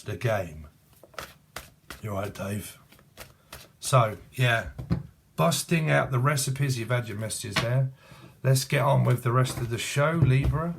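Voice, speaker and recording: A man's voice: mid-range voice, slow pace, vocal fry, pauses often, a little hiss or hum. A man giving a casual tarot reading, free-associating from word to word, punning and swearing freely. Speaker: tarot reader.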